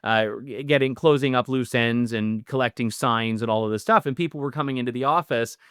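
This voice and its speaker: A man's voice: medium pitch, fairly quick, fairly bright tone, clear, resonant tone, dry recording, clean studio sound. A middle-aged Canadian man, a newly elected politician, answering interview questions earnestly with frequent restarts. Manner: earnest, with many restarts and fillers.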